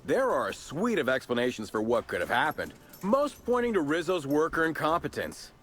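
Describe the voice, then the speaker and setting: A man's voice: on the high side, big pitch swings, moderate pace, fairly bright tone, soft background music. An actor playing a haughty, condescending male security agent in a video game.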